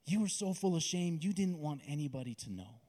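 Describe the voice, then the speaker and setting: A man preaching a sermon and guiding listeners through a visualization, with a slow, intimate, dramatic delivery. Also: a little high, animated, mellow.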